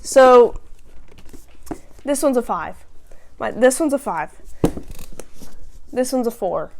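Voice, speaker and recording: A woman's voice: on the high side, expressive, takes it slowly, noisy background. A woman chatting casually as a book vlogger, rambling with many fillers and restarts. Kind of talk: casual book review chat.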